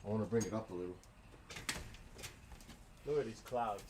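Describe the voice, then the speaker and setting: A man hosting a casual livestream from his backyard at night, excitable, exclaiming and laughing often as he reads the chat. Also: fairly low pitch, normal speed, pauses often, noisy background. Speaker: livestream host.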